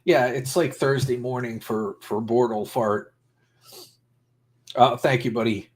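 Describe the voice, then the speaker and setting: A man's voice: medium pitch, fairly even intonation, unhurried. A man in his fifties from Rhode Island chatting loosely as host of a livestream. His talk rambles and trails off, and he pokes fun at himself. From Rhode Island, USA. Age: 50s. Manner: rambling, self-deprecating, trails off. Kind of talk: casual livestream chat.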